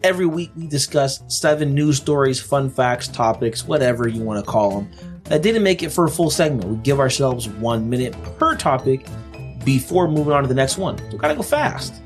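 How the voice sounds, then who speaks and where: Male podcast co-host, mid pitch, lively intonation, light music behind. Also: brisk. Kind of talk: casual podcast banter and segment intro.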